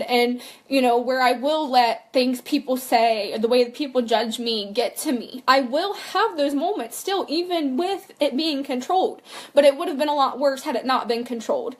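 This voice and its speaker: Young woman, high pitched, candid personal vlog, earnest, rambling, lots of fillers. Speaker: vlogger and mother.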